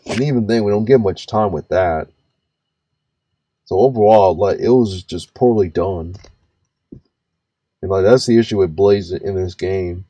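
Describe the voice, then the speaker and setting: A man's voice: low-pitched, a little slow, long pauses, mellow, dull audio. Stammering, swearing young man ranting. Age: 20s. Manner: stammering, restarts and repeats words, swears freely. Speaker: commentary host reacting to a video. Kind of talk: ranting reaction commentary.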